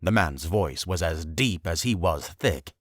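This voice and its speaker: A man reading a fantasy audiobook as narrator, with steady, expressive storytelling. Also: low voice, unhurried, no room sound, clean studio sound.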